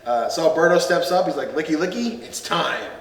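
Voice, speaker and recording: A man's voice: on the high side, sing-song, a little fast, echoey room, in a large hall, recorded from a distance. A man hosting a casual podcast, recapping a film with friends, laughing often and acting out lines with some swearing. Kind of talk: casual group chat.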